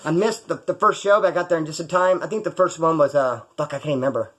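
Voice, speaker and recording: Middle-aged man, rapid rambling storyteller, slightly high voice, swears a lot, jokes at his own expense. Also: a bit bright. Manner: rambling, profane, jokey. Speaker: ex-prisoner storyteller. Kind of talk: casual storytelling to camera.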